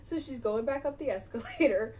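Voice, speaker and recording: A woman's voice: high-pitched, huge pitch swings, brisk, dark tone, a little hiss or hum. A young woman casually recapping a movie for her vlog, chatty and giggly, animating her retelling. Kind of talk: casual chat.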